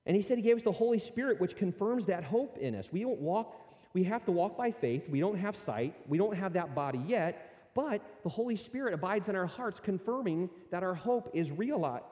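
Animated preaching man in a reverberant hall. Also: high voice. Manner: earnest, animated preaching with rising emphasis and quiet asides. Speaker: pastor. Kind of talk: sermon.

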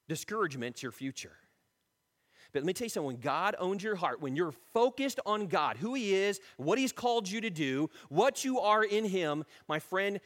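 Male pastor, sermon delivery, slightly high voice, lively swings between loud questions and hushed lines, reverberant hall. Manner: animated preaching, rising to emphatic questions then dropping low.

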